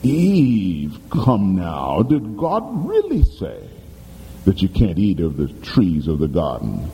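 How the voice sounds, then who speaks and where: A smooth, sly serpent devil purrs its temptations as a preacher puts him on, dropping deep and drawing out every word. The voice is dark and mellow, and it echoes through a large hall. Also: male voice, wildly swooping pitch, a little hiss or hum, exaggerated voice. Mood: coaxing. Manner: slow, low, coaxing.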